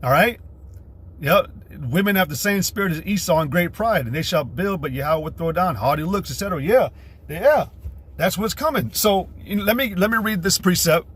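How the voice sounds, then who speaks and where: A man's voice: high-pitched, animated, normal speed, fairly bright tone, slightly rough. A man preaching a profane, combative livestream sermon, repeating himself and mocking women in put-on voices. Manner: mocks women in a mimicking voice. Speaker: street preacher.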